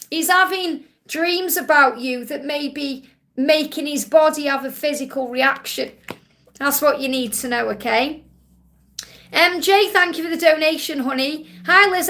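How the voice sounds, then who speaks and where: A woman's voice: high voice, a bit bright. A woman with a Stoke-on-Trent accent giving a live-stream card reading, soothing and reassuring, calling her viewers honey. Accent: Stoke-on-Trent English. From England. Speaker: psychic reader.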